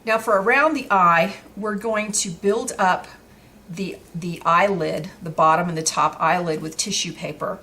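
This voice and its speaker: A woman's voice: lowish voice, measured pace, pushed and bright. A woman talking through a craft tutorial in a chatty way while she works, with frequent fillers and restarts.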